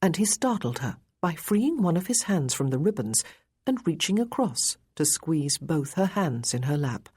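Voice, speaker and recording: Woman, audiobook narration, low voice, husky tone, measured reading. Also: very animated, a little mellow. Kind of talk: scripted narration of a romance novel.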